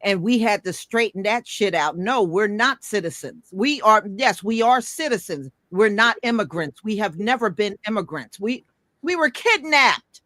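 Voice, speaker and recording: A woman's voice: medium pitch, expressive, normal speed, a bit bright, no echo. A woman hosting a casual opinion talk, blunt and emphatic, swearing freely. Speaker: host.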